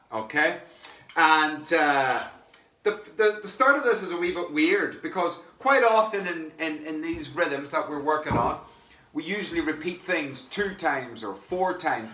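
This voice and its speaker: A man's voice: on the high side, bright, forceful tone. A man teaching a samba percussion lesson online, chanting the rhythm phrases and talking with fillers and restarts. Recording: echoey room, mic some distance away.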